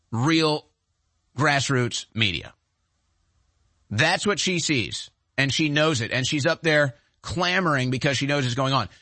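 A man's voice: on the high side, sharp tone, dry recording. A man hosting a talk show, giving emphatic, sarcastic political commentary.

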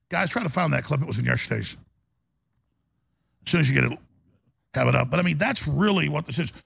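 A male talk radio host with a gravelly, raspy voice, rambling in an impassioned studio monologue with restarts and rising outbursts. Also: mid-range voice, animated, a little fast, long pauses, fairly bright tone. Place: broadcast studio.

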